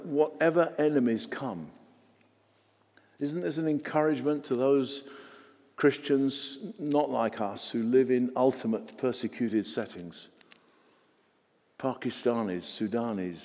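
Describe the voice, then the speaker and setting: A man's voice: medium pitch, warm tone. A man preaching a sermon in an earnest way, repeating words for emphasis and putting questions to the congregation. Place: church. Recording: long church reverb.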